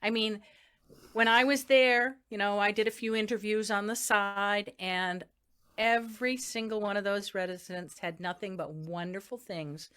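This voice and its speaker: A woman's voice: mid-range voice, steady tone, moderate pace, fairly bright tone, clean tone, lightly acted. A woman improvising an eager, folksy young news reporter who fills her talk with "you know". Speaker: improv performer. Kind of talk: improvised comedy scene.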